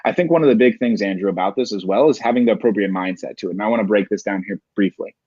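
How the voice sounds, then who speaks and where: A man's voice: on the low side, racing, darkish tone, breathy edge, no echo. A man in an interview, giving motivational sales advice and often ending points with "right?". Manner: emphatic, rhetorical "right?" tags. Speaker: sales coach, interview guest. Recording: dry, muffled lo-fi sound.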